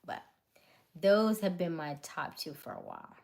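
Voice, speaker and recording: A woman hosts a relaxed livestream, talking to her viewers and answering their comments as they arrive. She speaks at an unhurried, slow pace, with a slightly low voice, and she laughs often. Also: vocal fry. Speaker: livestream host. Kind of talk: casual live chat with viewers.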